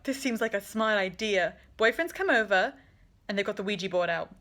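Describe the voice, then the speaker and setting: Exasperated, sarcastic woman, slightly high voice. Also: expressive, brisk, bright, forceful tone. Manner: exasperated, sarcastic, swears freely. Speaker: vlogger. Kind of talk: casual movie reaction commentary. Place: indoors at home.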